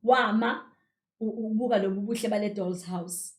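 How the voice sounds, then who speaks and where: A woman teacher with a South African accent, explaining a story in a revision lesson in an animated way and repeating phrases for emphasis. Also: medium pitch, normal speed. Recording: roomy echo.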